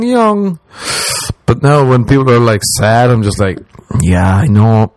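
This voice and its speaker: The recording is low quality with no echo, and the man's voice comes across a little mellow. He is young, from Ireland with an Irish accent, and spins casual personal stories, mocking himself, swearing freely and muttering his own quoted lines in a low voice.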